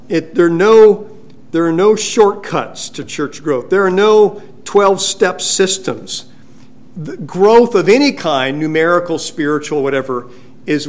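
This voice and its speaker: A male pastor preaching a sermon in a church, conversational and halting, with frequent restarts. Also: on the high side. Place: church sanctuary.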